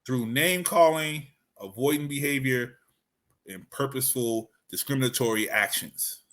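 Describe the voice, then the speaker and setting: Relaxed man co-hosting a podcast. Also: medium pitch, normal speed. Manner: relaxed, explains and asks questions. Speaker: podcast co-host. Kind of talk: casual chat.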